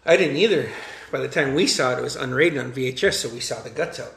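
A man chatting casually about a movie, animated and swearing freely, acting out lines as he retells scenes. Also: medium pitch, quick pace, vocal fry, echoey room. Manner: animated, profane, acts out quotes. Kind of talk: casual chat recounting a movie.

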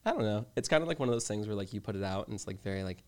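A man's voice: fairly low pitch, animated, racing, darkish tone. A young man from California, a podcast guest chatting casually, rambling with many fillers and a self-deprecating tone. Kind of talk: casual chat.

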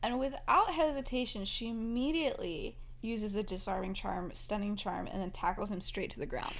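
A woman's voice: medium pitch, vocal fry. Chatty young woman telling a story. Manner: chatty, laughs often, acts out characters' lines in quick quotes. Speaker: podcast host. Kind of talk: casual fan-fiction storytelling chat.

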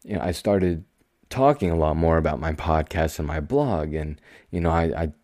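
A young man hosting his own podcast, talking calmly and slowly in a rambling, self-deprecating way. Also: very deep voice, no room sound, studio quality. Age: young adult. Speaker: podcast host. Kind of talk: casual solo podcast monologue.

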